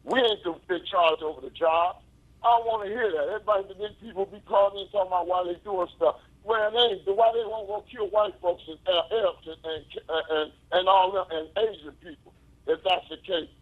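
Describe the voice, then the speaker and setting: A man's voice: sits high, steady tone, brisk. An angry, grieving man calling in to a talk show, repeating himself emphatically. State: grieving and upset. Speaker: caller. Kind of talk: call-in radio talk. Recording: tinny phone line.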